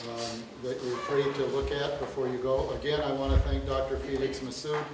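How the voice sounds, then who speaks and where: A man's voice: medium pitch, flat delivery, normal speed. Man moderating in an echoey hall. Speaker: event moderator. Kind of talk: announcements and Q and A moderation. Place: university lecture room. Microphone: no microphone, recorded from far off. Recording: roomy, distant, noisy.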